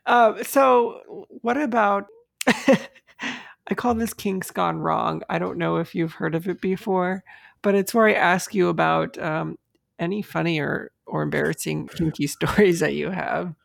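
A podcast host with a strongly gravelly, fry-heavy voice, laughing often while asking probing questions. The room is dry and close, with no echo. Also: mid-range voice, unhurried. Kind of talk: casual interview.

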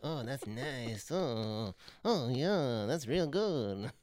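A man voicing a leering small man who murmurs approval at a party, in a low breathy drawl. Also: expressive, very slow, a little mellow, no room sound.

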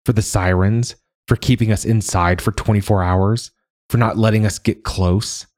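A man's voice: lowish voice, fairly even intonation, moderate pace, darkish tone, pitched above the performer's own voice, close to an everyday voice. A man reading a nervous, riled-up young boy's lines in an audiobook. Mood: uneasy. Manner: tense and uneasy.

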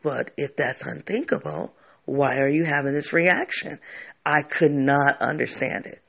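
A man's voice: a little high, a little slow, creaky, fairly bright tone. A man telling a candid personal story to camera, reflective and often restarting his sentences.

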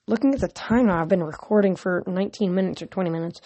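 A woman's voice: lowish voice, fast, warm tone, no echo. A woman casually reading a novel aloud, often stumbling and restarting words. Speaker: reader.

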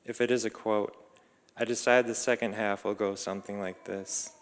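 Man reading a reflective story, calm and measured, flat low voice, long reverb. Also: clear, resonant tone. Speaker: narrator.

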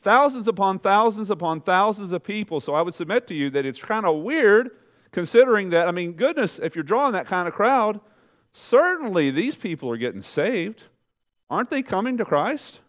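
Animated preacher man with big swings. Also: normal speed. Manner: animated preaching, rising loud on questions and dropping low and soft for emphasis; conversational, talks straight to the congregation. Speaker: pastor. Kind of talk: sermon.

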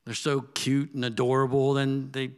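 A male pastor with a clear, resonant tone preaches at normal speed, his tone level overall. He talks to the congregation conversationally with direct questions, alternating loud emphatic bursts with soft, low asides.

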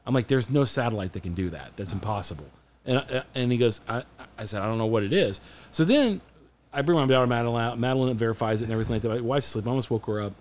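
A man co-hosting a podcast, telling a story in casual chat, animated and often restarting his sentences. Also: medium pitch, very fast. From Phoenix area, USA. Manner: animated, restarts a lot, acts out quotes. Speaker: podcast co-host.

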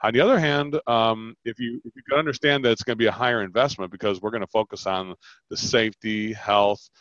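A fast-talking man with a low voice coaching on a podcast. He is animated and acts out customer lines as he goes. The sound is dry and a little dull. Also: no room sound. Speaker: sales coach. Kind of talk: podcast coaching, role-playing sales talks.

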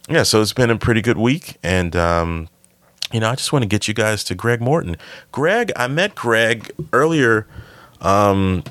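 Male podcast host, stand-up comic, deep low voice, dry sound, loose rambling chat full of fillers. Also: fairly bright tone, smooth, no room sound. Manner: rambling, self-correcting, filler-heavy.

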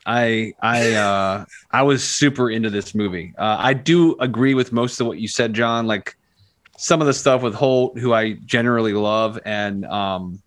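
A man's voice: on the low side, unhurried, a bit bright, no room sound, clean studio sound. A man defending a film he enjoyed in a casual panel chat, enthusiastic and stammering through restarts. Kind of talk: casual podcast discussion.

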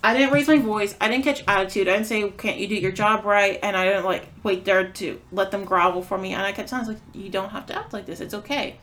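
A woman's voice: medium pitch, fairly even intonation, quick pace, hardly any pauses, a bit bright. A woman co-hosting a podcast, telling a story in casual chat, acting out quotes and swearing freely. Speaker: podcast co-host.

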